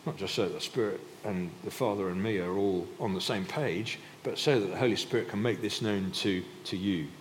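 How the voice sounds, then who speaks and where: This man's fairly low voice moves quickly with few pauses as he gives a conversational sermon in a church hall. He often restarts sentences and uses filler, and the reverberant room adds faint background noise.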